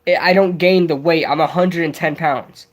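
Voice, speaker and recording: A young man hosting a casual livestream, rambling excitably and answering viewers' chat as he goes. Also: on the high side, normal speed. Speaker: livestream host.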